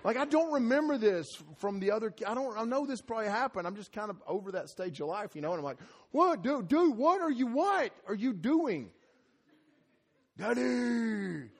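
A middle-aged man preaching a sermon at a conference, mixing scripture with lively personal stories and getting loud when excited. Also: slightly rough. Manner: animated, rises loud and high when telling stories. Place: conference hall.

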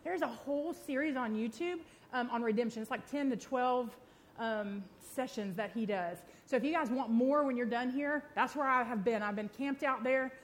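Female church speaker, fast self-deprecating sermon delivery, slightly high voice. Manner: quick, chatty and self-deprecating. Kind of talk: sermon teaching with prayer.

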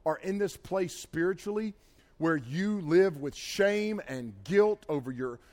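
A man's voice: high voice, unhurried, darkish tone. A man preaching a sermon, folksy and emphatic, with plain down-home phrasing. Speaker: pastor.

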